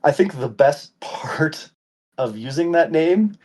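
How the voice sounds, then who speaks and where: A man's voice: a little high, animated, slow pace, darkish tone. A man in his forties co-hosting a podcast, chatting casually and ranting with playful mock indignation. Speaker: podcast co-host. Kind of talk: casual chat.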